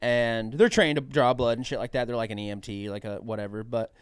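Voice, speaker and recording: A young man from New Mexico telling stories in casual podcast chat. His voice is smooth and clear, at a middle pitch, and it is recorded close and dry. He tells his anecdotes with a lot of swearing and bursts of acted-out voices. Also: a little fast, no echo. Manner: animated, swearing, acts out other people's voices. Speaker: guest comedian.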